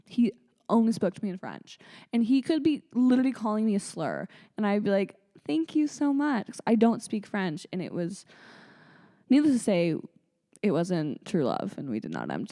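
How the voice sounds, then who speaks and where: A woman's voice: mid-range voice, normal speed. A young woman from Canada co-hosting a podcast, telling stories in a casual, blunt and joking way. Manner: animated storytelling, blunt and joking. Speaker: podcast co-host. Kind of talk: casual chat.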